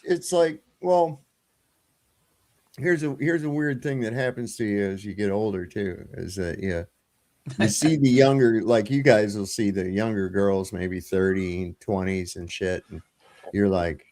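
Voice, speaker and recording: A man's voice: fairly low pitch, darkish tone. A man in his fifties on a live panel call, joking and reflecting on getting older. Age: 50s. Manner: joking, does quick silly voices. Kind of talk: casual panel chat.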